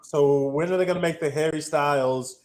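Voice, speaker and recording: A man's voice: a little high, steady tone, moderate pace, darkish tone. Dry, wisecracking man. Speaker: podcast co-host. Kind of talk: casual chat.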